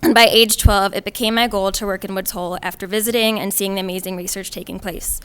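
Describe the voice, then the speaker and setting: A woman's voice: medium pitch, steady tone, fast talker, a bit bright, clean tone. A woman in her thirties at a podium mic, reading a prepared personal statement during public comment. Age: 30s. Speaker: research assistant giving public comment. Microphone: podium microphone.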